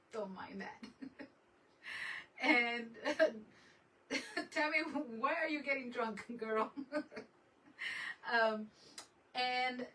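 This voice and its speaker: A woman hosting a craft livestream, telling a lively story in casual chat, laughing often and slipping in Spanish words. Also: fairly high pitch. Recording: voice a bit far from the mic, faint room noise.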